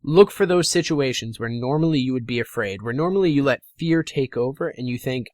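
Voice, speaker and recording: A man's voice: mid-range voice, expressive, fairly quick, darkish tone, no room sound. A young man giving a casual motivational talk to gamers, blunt and fired-up, swearing freely. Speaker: gaming motivation vlogger.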